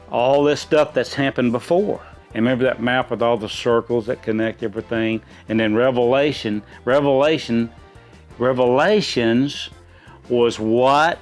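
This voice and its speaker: A middle-aged man, a dad hosting a trivia chat, answering in rambling, folksy explanations. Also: medium pitch. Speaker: quiz host, a gamer's dad answering questions. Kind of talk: casual chat.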